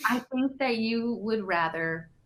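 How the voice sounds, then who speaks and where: A woman's voice: fairly high pitch, lively intonation, a little slow, fairly bright tone, a little hiss or hum. A woman, an actress, chatting playfully in an interview and laughing often between remarks. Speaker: actress promoting a film. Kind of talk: casual playful chat.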